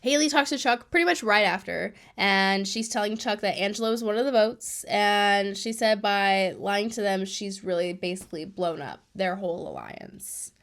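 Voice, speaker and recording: A woman hosting a casual recap of a reality show, retelling events in a chatty, animated way with lots of fillers. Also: mid-range voice, normal speed, hardly any pauses.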